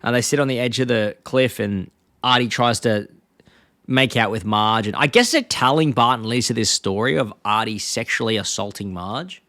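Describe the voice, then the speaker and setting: A man co-hosts a podcast in casual chat. He recaps in long, rambling runs at a middling pitch. The sound is dry and close, with no room around it. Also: animated, moderate pace, sharp tone, no echo. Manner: rambling plot recaps, acting out quotes in bursts. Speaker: podcast co-host.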